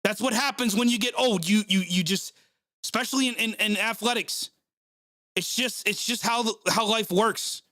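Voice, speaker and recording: A man's voice: high-pitched, normal speed, bright, forceful tone, dry recording, clean studio sound. A man ranting heatedly and swearing while hosting a live reaction stream of a football game. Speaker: sports live-stream host. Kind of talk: angry live play-by-play reaction.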